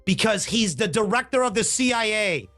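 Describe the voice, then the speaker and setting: Animated high-voiced man telling stories. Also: soft background music. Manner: animated storyteller, swooping pitch, quick asides. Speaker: podcast host. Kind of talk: casual podcast chat.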